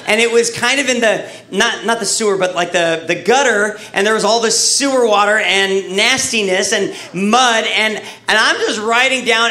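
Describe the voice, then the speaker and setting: A hoarse man preaching a story-driven sermon, rambling and correcting himself as he acts out a childhood tale. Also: sits high, pushed and bright. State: hoarse from losing his voice. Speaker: pastor. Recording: echoey church hall.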